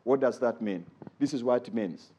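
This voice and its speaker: A man preaching a sermon in an animated way, rising high when he quotes others and dropping low for asides. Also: moderate pace, husky.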